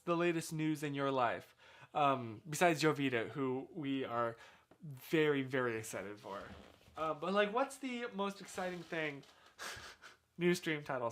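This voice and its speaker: A man chatting casually on his own live stream from a small room at home. His voice swings up and down in a lively, animated way, and he gushes freely. He talks into a desk microphone that he sometimes turns away from. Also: on the high side. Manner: chatty, animated, effusive congratulations. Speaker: livestream host. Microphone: desk microphone, sometimes turned away.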